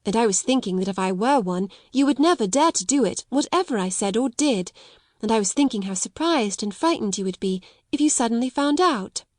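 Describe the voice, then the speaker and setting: A woman's voice: a little high, animated, a little fast, no echo, studio quality, natural voice. A woman voicing a proud young schoolgirl who speaks in a grand, polite, self-possessed way.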